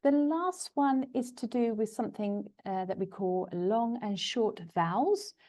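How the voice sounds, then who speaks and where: Woman, webinar lesson, mellow tone, careful overpronounced examples, computer mic. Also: fairly high pitch. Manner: explains slowly, overpronouncing example words. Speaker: language teacher.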